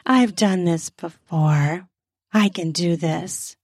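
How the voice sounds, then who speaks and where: A woman voicing a gentle young man who talks softly and reassuringly. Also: on the low side, slow pace, no room sound, studio quality.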